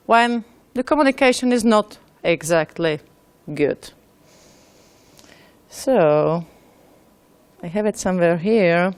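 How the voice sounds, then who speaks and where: A woman giving a conference talk, informal and a little halting. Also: medium pitch, smooth, dry recording. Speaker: conference speaker. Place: conference hall.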